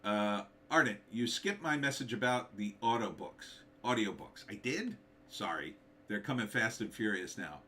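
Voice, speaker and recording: A middle-aged man, slightly hoarse, hosting a casual livestream, thinking aloud and reading out viewer comments with hums and fillers. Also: lowish voice, animated, normal speed, pushed and bright, slight background noise. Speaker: livestream host, author.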